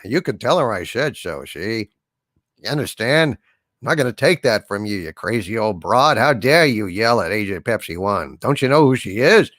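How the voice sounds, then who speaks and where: A man's voice: medium pitch, dry recording, studio quality. A man hosting a comedy livestream, chatting casually and bluntly as he reads out viewer messages, with some swearing. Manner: blunt, rambling, animated, swears freely.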